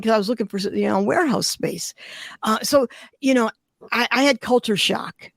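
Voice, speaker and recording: This older Detroit woman works in glass and shares expressive, emotional, vivid stories during an interview. Her voice sits on the high side with some vocal fry, she talks at a normal speed, and there's no room sound.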